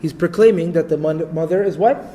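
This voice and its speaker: A male preacher with a high voice tells a story in a casual, animated way. He keeps checking in with his listeners as he goes. A faint hum of the room sits under his voice. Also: a little fast, low-quality recording. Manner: animated, conversational, repeats points with "you know" and "okay?". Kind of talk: storytelling sermon.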